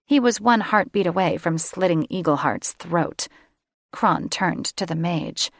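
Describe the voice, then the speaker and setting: A woman with vocal fry narrates a fantasy audiobook at a measured pace in scripted style. She gives each character their own voice by shifting pitch and loudness. The recording is dry and studio quality.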